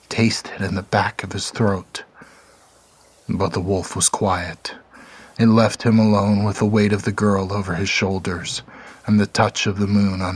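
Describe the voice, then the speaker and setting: A male narrator reads a dark short story in a slow, measured, somber way. His voice sits low and has a husky edge.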